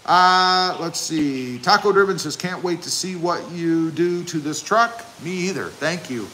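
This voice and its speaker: A man's voice: fairly high pitch, a little slow, bright, forceful tone, a little hiss or hum. A man hosting a casual livestream, reading viewer comments aloud and answering them with chatty, jokey asides. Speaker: channel host reading live chat.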